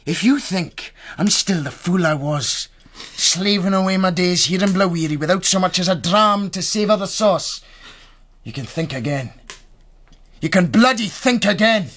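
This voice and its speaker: An actor playing a coarse, bullying soldier home on leave, speaking with a Scottish accent in a crude, domineering way. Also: male voice, high voice, normal speed, a bit bright. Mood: contemptuous.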